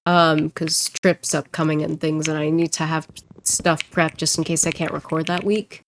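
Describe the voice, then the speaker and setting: A woman streamer and voice actor chatting casually while she plays, rambling and joking and quick to laugh. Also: low-pitched, flat delivery, background noise. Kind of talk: casual livestream chat while gaming.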